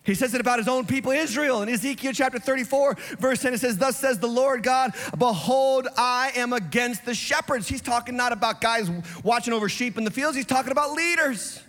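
Fired-up pastor preaching in a reverberant church. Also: male voice, extremely high pitch, a little fast, hardly any pauses. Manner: impassioned, preachy, sometimes shouting. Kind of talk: fiery sermon.

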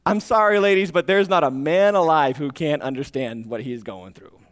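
A man preaching a sermon, animated and jokey, acting out voices and alarm-clock beeps. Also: fairly high pitch, normal speed. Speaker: pastor.

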